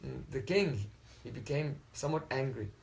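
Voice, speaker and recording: A man's voice: mid-range voice, lively intonation, normal speed, creaky. A man telling a religious story in a talk, often checking in with his listeners. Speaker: spiritual teacher.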